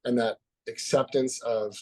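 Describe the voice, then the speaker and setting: A man as a podcast guest, telling a personal story in an open, reflective way that drops soft at the heavy parts. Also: mid-range voice, steady tone, unhurried. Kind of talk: candid conversational storytelling.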